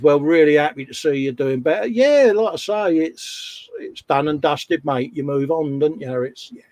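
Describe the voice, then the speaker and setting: A man's voice: medium pitch, no room sound. A man co-hosting a live stream, casually chatting and reading out viewer messages with a jokey, laughing manner.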